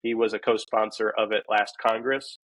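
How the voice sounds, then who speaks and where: A man's voice: fairly low pitch, flat delivery, normal speed, fairly bright tone, no echo, poor audio. A man answering a podcast host's question in a conversational way, often restarting his sentences. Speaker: guest, housing policy advocate. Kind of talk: casual podcast interview answer.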